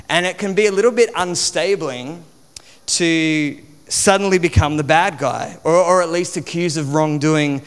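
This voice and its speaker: A man, preaching a sermon in a relaxed, conversational way full of fillers. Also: a little high, smooth. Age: 40s. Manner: conversational, chatty with many fillers. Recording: long hall reverb.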